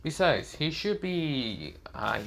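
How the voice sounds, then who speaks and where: A man's voice: on the high side, big pitch swings, slow, creaky, fairly bright tone, slight background noise, pitched above the performer's own voice, exaggerated voice. A man voicing a smug, scheming immortal male villain who teases and taunts in a casual fan-fiction story. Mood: smug teasing.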